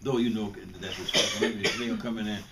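Speaking fast in a steady, lowish tone, this older guest speaker from Mississippi addresses students in a blunt, casual way. He frequently restarts and repeats words, and a distant mic catches faint background noise.

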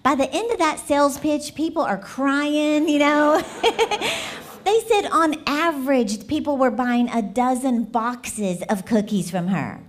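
A woman speaking as a guest preacher in a church, telling a story in a lively, animated way, often laughing and asking the congregation questions. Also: sits high, measured pace.

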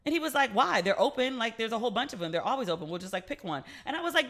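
A woman's voice: mid-range voice, animated, quick pace, a bit bright. A woman hosting her own podcast, talking casually and candidly, with lots of "like" and frequent swearing. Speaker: podcast host. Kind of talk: casual solo podcast chat.

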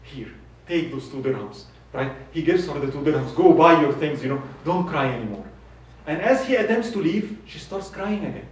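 Man, sermon storyteller, animated, high voice, very echoey distant hall. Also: normal speed. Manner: animated storyteller, voices quoted speech, laughs. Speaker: khutbah speaker.

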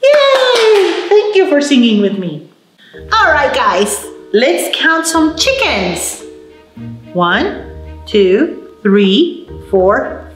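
Slow sing-song woman at baby storytime. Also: mid-range voice, a bit bright, roomy sound. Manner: slow, sing-song and encouraging, switching between English and Spanish words. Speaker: children's librarian. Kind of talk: baby storytime with songs and rhymes.

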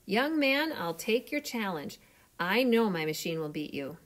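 Storybook bit: woman voicing a stiff, boastful boss, slow delivery. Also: medium pitch, very animated. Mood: confident. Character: boastful railroad boss, grown man.

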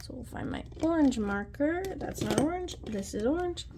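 A woman's voice: sits high, expressive, moderate pace, noisy background. A woman vlogging at her desk at home, chatting casually while counting cash aloud under her breath with little asides. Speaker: budgeting vlogger.

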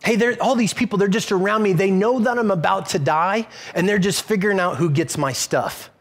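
A man with a high voice gives a sermon. He talks the way people chat, restarts his lines often and slips into quick acted-out asides. The sermon is streamed online from a church service. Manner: conversational preaching with many restarts and acted-out asides. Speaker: pastor.

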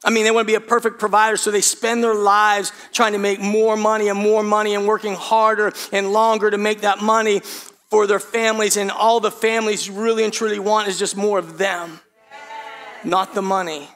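High-voiced man preaching a sermon. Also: little pitch movement, fairly quick, a bit bright. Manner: rhetorical questions, repeats phrases for emphasis. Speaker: pastor. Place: church sanctuary.

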